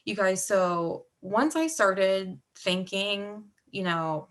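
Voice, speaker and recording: A woman's voice: medium pitch, lively intonation, a little slow, fairly bright tone. A young woman telling her team a personal story in casual, rambling talk, heavy with fillers and heartfelt. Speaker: team director giving a mindset talk.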